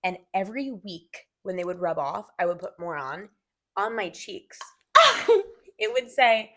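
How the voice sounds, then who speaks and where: A woman in her thirties hosting a podcast, talking in a casual, animated way and saying "like" a lot. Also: mid-range voice, measured pace. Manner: animated, heavy use of "like", laughs often. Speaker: podcast host. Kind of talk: casual chat.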